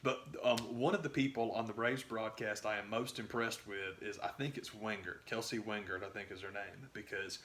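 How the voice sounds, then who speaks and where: A man co-hosting a podcast, chatting about sports in a rambling, excitable way that trails off and restarts. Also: on the low side, normal speed, few pauses, a little hiss or hum. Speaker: podcast co-host. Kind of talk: casual sports chat.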